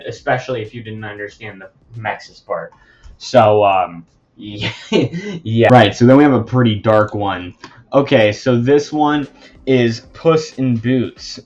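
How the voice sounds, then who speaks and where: A young man casually narrating his own story, rambling and chatty, on a muffled lo-fi home mic. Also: mid-range voice. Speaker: fan storyteller.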